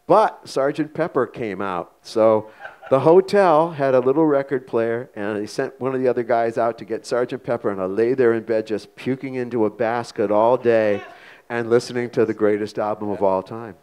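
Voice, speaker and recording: An older man telling a comic anecdote on stage in a small theater, animated and acting out the voices. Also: medium pitch, normal speed, clear, resonant tone. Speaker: guest storyteller. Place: small museum theater before an audience.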